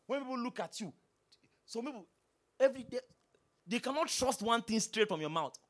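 A man with a Nigerian accent, a pastor preaching a sermon, lively and humorous, asking the congregation question after question. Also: extremely high pitch, moderate pace. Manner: animated preaching with humor and repeated rhetorical questions.

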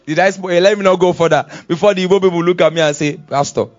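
A Nigerian man preaching a sermon as pastor, moving from quiet asides to loud shouted exhortations. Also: high-pitched, fast, lo-fi sound. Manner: swings from soft asides to loud shouted exhortations, laughs often.

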